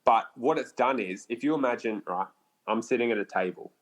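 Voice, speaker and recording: An Australian man appears as a podcast guest, telling a bowhunting story in a lively, casual manner. He swears freely and leans on lots of fillers, speaking at medium pitch and a little fast.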